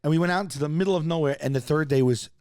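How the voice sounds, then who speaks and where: A man co-hosting a podcast, telling a funny story in a loose, animated way and acting out other people's lines in raised voices. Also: a little high, rapid-fire, no echo, studio quality. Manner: loose rambling delivery with restarts. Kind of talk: casual comedic storytelling.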